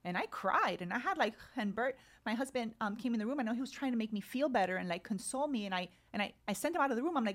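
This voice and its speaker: A woman's voice: a little high, animated, quick pace. A woman in her thirties, a coach and podcast guest, telling her story in a casual interview and acting out her own inner thoughts.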